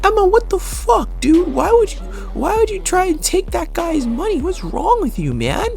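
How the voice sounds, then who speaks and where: A man voicing an exasperated teenage girl who scolds her friend in a high, indignant voice. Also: huge pitch swings, moderate pace, creaky, a little mellow, soft background music, heavily acted.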